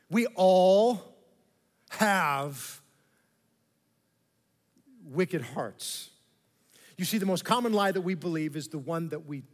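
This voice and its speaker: A man preaching a sermon to his congregation, telling an animated story with mock voices and asides to the listeners. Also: high-pitched. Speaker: pastor. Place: large church hall. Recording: long reverb of a church hall.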